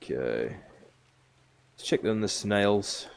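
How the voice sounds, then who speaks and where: A man's voice: fairly low pitch, big pitch swings, takes it slowly, vocal fry, clean tone. A man streaming a survival game live, casually explaining each step to his viewers. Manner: chatty, explains steps to viewers.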